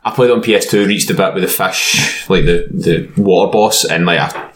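A man co-hosting a casual chat about video games, blunt, sweary and quick to react. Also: deep voice. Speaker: podcast co-host.

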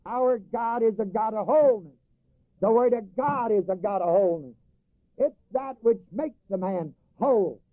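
High-voiced preacher on a tinny line. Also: male voice, animated, normal speed, dry recording. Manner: reads scripture in old King James wording, then explains it to the congregation; repeats phrases for emphasis and asks the audience to finish lines. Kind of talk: sermon. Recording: dry, phone-like recording.

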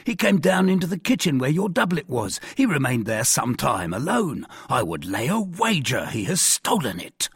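A man's voice: a little high, big pitch swings, normal speed, few pauses, slightly rough, dry recording, studio quality, pitched above the performer's own voice, exaggerated voice. A man voicing an anxious, flustered innkeeper, talking in a worried, pleading way. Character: anxious, flustered middle-aged male innkeeper.

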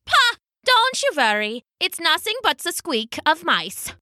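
A greedy male lord from a storybook, shrill and blustering in high, wildly swinging outbursts, as a woman reader puts him on. His voice is bright and edgy, close and dry. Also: very animated, normal speed, dry recording, exaggerated voice. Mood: dismissive.

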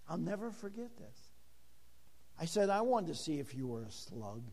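A man's voice: fairly high pitch, sing-song, normal speed, warm tone, long reverb tail. An older man preaching a sermon, telling folksy stories and acting out the dialogue himself. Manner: folksy storytelling with acted-out dialogue. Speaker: pastor.

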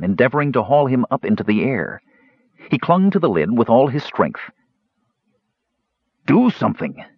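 A man narrating a fantasy audiobook in a dramatic, animated storytelling manner, in a dull lo-fi recording. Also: lowish voice, husky, no echo.

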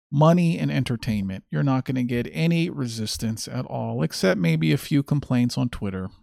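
Sardonic man with a gravelly voice. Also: medium pitch, darkish tone, no echo, clean studio sound. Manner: sardonic, mocking. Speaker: podcast host. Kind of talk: monologue commentary.

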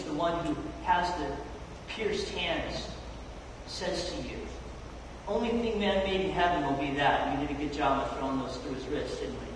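A preacher giving a sermon in a church sanctuary, animated and casual, acting out scripture scenes in slangy everyday talk. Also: medium pitch. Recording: echoey church hall, distant mic, faint noise.

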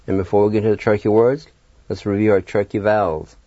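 A man's voice: on the low side, little pitch movement, fast, warm tone, no room sound. A man teaching a radio language lesson, patiently spelling words letter by letter and encouraging learners. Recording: dull, dry lo-fi radio sound.

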